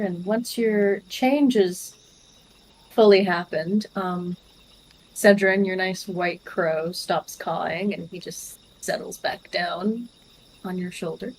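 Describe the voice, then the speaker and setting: Woman running a tabletop game on stream, slow and halting, faint crickets behind. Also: mid-range voice, a little mellow, a little hiss or hum, rough recording. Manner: unhurried, halting with fillers. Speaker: game master.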